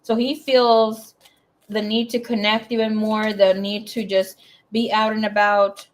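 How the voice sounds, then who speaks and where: A woman reads tarot cards in a loose, conversational way. She is blunt and chatty and swears freely. Her voice sits at an ordinary middle pitch. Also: flat delivery, measured pace. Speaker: tarot reader. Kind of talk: casual tarot reading.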